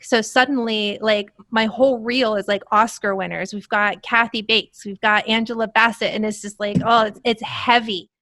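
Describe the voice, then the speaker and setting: A woman actress, a guest in a casual interview, telling lively anecdotes and laughing as she talks. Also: a little high, normal speed, hardly any pauses, no room sound, studio quality. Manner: animated storyteller, laughs while telling anecdotes.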